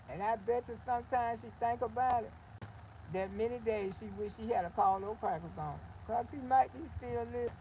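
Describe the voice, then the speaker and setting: An older woman hosting a livestream, talking casually in a blunt, animated storytelling way. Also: fairly high pitch, vocal fry, a little hiss or hum, poor audio. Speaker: livestream host.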